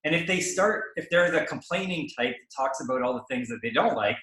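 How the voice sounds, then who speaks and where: A man's voice: medium pitch, fast. A man with a mid-range voice gives casual coaching on how to draw people out in conversation. He acts out little back-and-forth exchanges and keeps checking in with "right?". The room is bare and echoey, so his voice rings a little. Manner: animated, acts out dialogue, frequent tag "right?". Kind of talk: coaching chat, explaining sales conversations.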